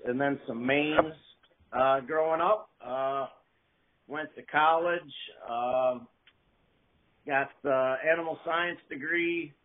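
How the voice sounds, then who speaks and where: This is a man in his fifties, originally from southern Wisconsin, speaking as a guest over the phone. He answers at a slow, hesitant pace, padding his answers with "uh." The line is thin and tinny. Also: a little high, steady tone. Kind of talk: casual interview answers.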